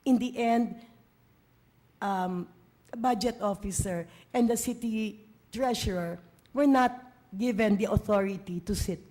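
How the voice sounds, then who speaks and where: A woman's voice: mid-range voice, darkish tone. A woman, a city council member arguing her point in a council debate, emphatic and restarting phrases as she presses on. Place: city council session hall.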